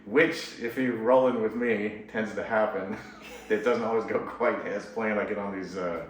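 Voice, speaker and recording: A man who is a couples therapist, explaining ideas in a relaxed, conversational way and laughing easily. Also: lowish voice, measured pace, slight background noise. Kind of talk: casual explanatory talk. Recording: echoey room, voice from a distance.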